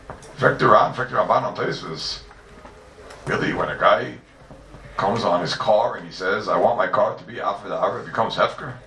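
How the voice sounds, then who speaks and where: A man teaching a Talmud class, animated and full of rhetorical questions, heard from a distance in an echoey room. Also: lowish voice, creaky, slight background noise. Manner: animated, rhetorical questions, Yeshivish mix of Hebrew and Yiddish terms. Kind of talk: Talmudic lecture. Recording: echoey room, distant mic, faint ambience.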